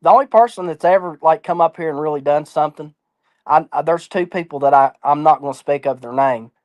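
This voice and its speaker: A man's voice: on the high side, brisk, darkish tone, no echo. A man talking as an interview guest in a casual chat, blunt, defiant and full of swearing.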